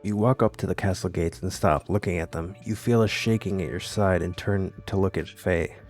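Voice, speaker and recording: A man reading a text adventure game aloud and adding wry, deadpan comments between lines. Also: deep voice, normal speed, soft background music. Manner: wry, deadpan asides with laughs. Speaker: gamer playing a text adventure.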